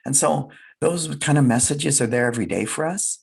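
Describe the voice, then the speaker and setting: A man's voice: medium pitch, normal speed, vocal fry, breathy edge. A middle-aged man giving a motivational fireside talk, earnest and emphatic, repeating his key phrases. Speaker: guest speaker, business leader.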